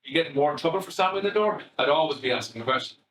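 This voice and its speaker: A middle-aged Irish man speaks to an audience of parents in a bright, forward voice. He talks in a chatty, anecdotal way, often restarting his sentences and slipping in asides. He sounds distant from the mic, and a roomy echo hangs around his words. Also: a little high, lively intonation, fast talker. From Ireland. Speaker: family psychotherapist giving a talk. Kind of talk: live talk to parents. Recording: echoey room, far from the mic.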